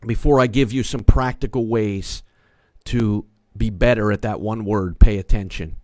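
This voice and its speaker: A man's voice: lowish voice, steady tone, normal speed, a little mellow, dry recording. Emphatic male pastor preaching from a studio. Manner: emphatic, repeats key phrases, calls on listeners. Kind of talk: sermon. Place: small studio.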